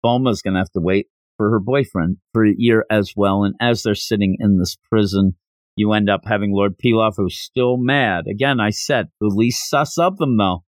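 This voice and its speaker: A man's voice: fairly low pitch, normal speed, dry recording. A man hosting a manga review podcast, chatting casually as he recaps the plot with wry jokes. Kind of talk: casual solo review chat.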